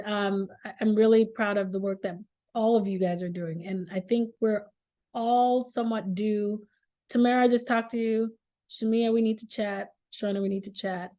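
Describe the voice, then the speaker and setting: A middle-aged woman speaks earnestly as a guest on a video call, her voice sitting at an ordinary middle pitch. She pauses often with fillers as she explains. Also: darkish tone. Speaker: guest surgeon. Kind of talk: virtual seminar talk.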